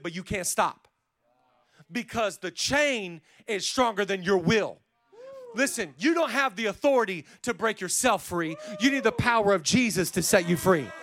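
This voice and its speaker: A man preaching a sermon as pastor, talking casually and then building to shouted lines. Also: lively intonation, normal speed. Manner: acts out quoted voices with sudden pitch jumps.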